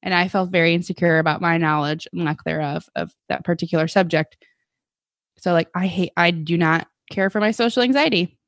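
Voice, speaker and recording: A woman's voice: lowish voice, brisk, dry recording. A woman co-hosting a podcast in casual chat, candid and chatty, laughing easily. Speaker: podcast co-host.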